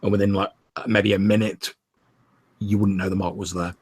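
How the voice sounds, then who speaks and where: A man with a husky, lowish voice narrates a tabletop horror game as game master. He describes scenes in a measured, steady way. His tone stays even as he sets each scene.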